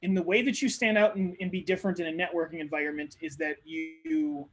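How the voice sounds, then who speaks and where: A man hosting a live webinar who coaches on networking in an energetic, conversational way and acts out sample dialogues. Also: high voice, brisk. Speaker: marketing coach, webinar host.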